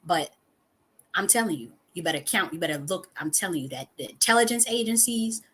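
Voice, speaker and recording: A woman's voice: on the low side, animated, fairly quick, a bit bright, slightly rough. A woman, giving a heated, profane monologue full of repetition and sudden outbursts. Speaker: spiritual teacher and channel host. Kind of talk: impassioned monologue.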